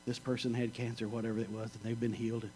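A man's voice: mid-range voice, flat delivery, fast talker, mellow, soft background music, rough recording. A middle-aged man preaching a sermon, telling stories in a folksy, joking way. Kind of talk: sermon with storytelling.

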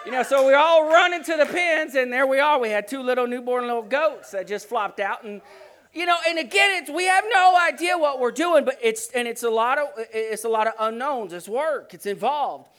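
High-voiced man telling an animated story. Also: normal speed. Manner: animated, rambling with many restarts. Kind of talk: storytelling sermon.

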